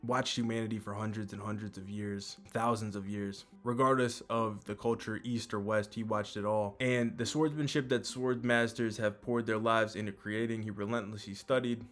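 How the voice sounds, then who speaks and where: A man's voice: on the low side, steady tone, normal speed, few pauses, a bit bright, soft background music. A man casually recapping a manga chapter as host, with lots of fillers and some swearing.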